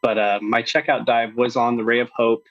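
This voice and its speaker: Young man, flat and rambling. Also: medium pitch, normal speed, no echo, lo-fi sound. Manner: eager, rambling, lots of uhs. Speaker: new staff member. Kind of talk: casual podcast chat.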